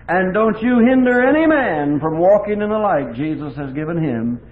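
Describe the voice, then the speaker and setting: An older man preaching an impassioned sermon with a personal testimony, swinging between hushed, quiet passages and loud, emphatic ones. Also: medium pitch. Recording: tinny lo-fi recording with faint hiss.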